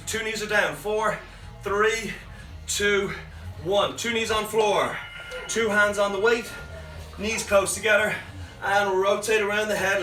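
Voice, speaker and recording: A man's voice: high voice, pushed and bright, far from the mic. A man coaching a live home workout, calling out countdowns with energy while exerting himself and breathing hard. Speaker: fitness coach. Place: home room. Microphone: phone camera at a distance. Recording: echoey room, voice off-mic, faint music.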